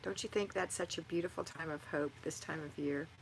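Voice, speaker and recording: Middle-aged lady doing a live chat, lowish voice, reading comments and cheering people on, bit of background hiss. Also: fairly quick, low-quality recording. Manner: encouraging, motherly, reads comments aloud. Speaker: livestream host answering viewer chat. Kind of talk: live-stream chat and home advice.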